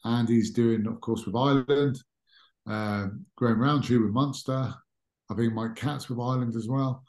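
A man, a podcast guest telling stories in a relaxed, conversational way with frequent restarts. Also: mid-range voice. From England. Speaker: podcast guest, former rugby captain. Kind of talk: casual interview chat. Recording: roomy echo.

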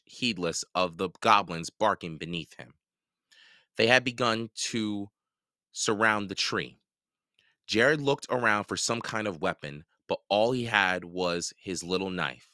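A man hosting a podcast, reading a children's novel aloud in a lively, expressive way. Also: low-pitched, no room sound, clean studio sound. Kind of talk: storybook read-aloud narration.

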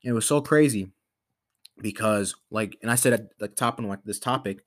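Rambling man with a lowish voice. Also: normal speed. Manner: rambling, many fillers and restarts. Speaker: podcast host. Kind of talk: casual motivational monologue.

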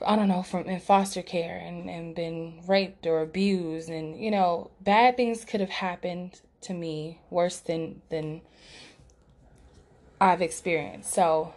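A young woman on her podcast speaks candidly and emotionally, her voice sitting a little low for a woman. She talks with frequent fillers and self-corrections, telling a personal story from a room outside her usual setup. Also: darkish tone. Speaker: podcast host. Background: outside noise through an open window.

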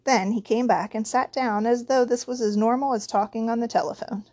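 A woman narrating a storybook chapter in a steady, expressive reading. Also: on the high side, brisk. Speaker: audiobook narrator.

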